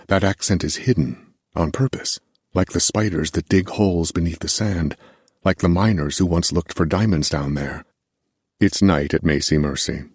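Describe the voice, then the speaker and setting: Very deep, husky male audiobook narrator. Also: darkish tone, dry recording, studio quality. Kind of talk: scripted narration.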